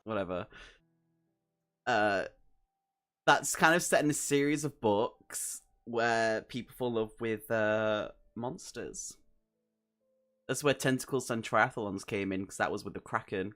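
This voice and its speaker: A man's voice: on the low side, measured pace, pauses often, a bit bright, faint music behind. A man with an American accent chatting casually as a guest co-host, giggling often and poking fun at himself. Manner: laughs often, giggly, self-deprecating. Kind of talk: casual chat.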